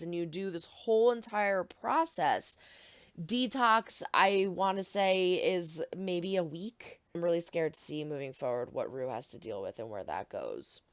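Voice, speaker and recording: A woman's voice: lowish voice, no echo. Earnest woman reacting to a TV episode. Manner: earnest, emotional. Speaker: reaction video host. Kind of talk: casual reaction commentary.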